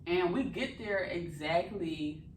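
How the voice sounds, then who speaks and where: A young adult woman vlogger telling a travel story in casual chat, animated and swearing freely, recorded in a hotel room. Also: on the low side, takes it slowly, a little hiss or hum. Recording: echoey room, camera at a distance.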